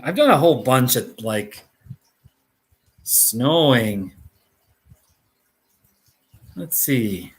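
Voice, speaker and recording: A man's voice: on the high side, animated, takes it slowly, long pauses, sharp tone. A man hosting a live stream in casual chat, rambling and jokey, laughing often and restarting his sentences.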